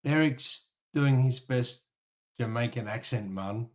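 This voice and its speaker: A man's voice: on the low side, steady tone, measured pace. A man co-hosting a casual album review chat, frank and a little hesitant. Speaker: co-host.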